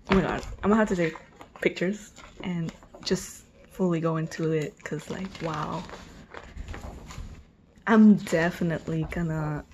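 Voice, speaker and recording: A woman unboxing on her vlog, gushing at each item and slipping into soft whispered exclamations. She talks slowly, with long pauses between her bursts. A faint hiss of noise sits under her voice. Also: lowish voice. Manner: gushing, excited, drops often into breathy whispers. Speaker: vlogger. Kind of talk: unboxing video.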